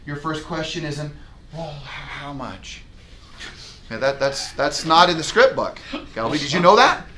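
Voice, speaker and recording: A man with a bright, ringing voice, pitched a little high, coaching a room of agents at a whiteboard. He talks with a lot of emphasis and acts out back-and-forth with clients. A faint hum of room noise sits under him. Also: big pitch swings, normal speed. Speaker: real estate sales trainer. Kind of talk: live training talk to agents.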